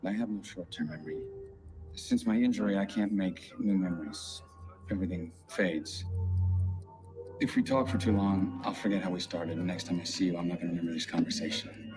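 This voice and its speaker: A man's voice: low-pitched, brisk, natural voice. An actor playing a weary, amnesiac man over music. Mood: troubled. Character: troubled man with no short-term memory. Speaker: film character in a trailer. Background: loud trailer music.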